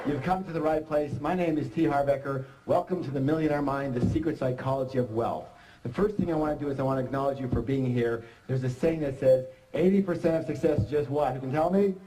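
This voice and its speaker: A middle-aged man giving an energetic motivational seminar talk, joking and quizzing the audience. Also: mid-range voice, fast, rough recording. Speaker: seminar speaker.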